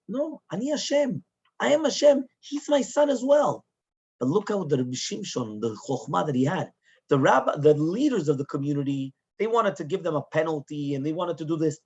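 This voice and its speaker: A rabbi tells a moral tale with animated energy, slipping Hebrew terms into his English and checking in with his listeners as he goes. His voice sits somewhat high and has a husky edge. The recording is dull and lo-fi. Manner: animated storyteller, acts out the people in his tale; mixes Hebrew terms into English, with frequent tag questions. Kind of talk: Torah lesson storytelling.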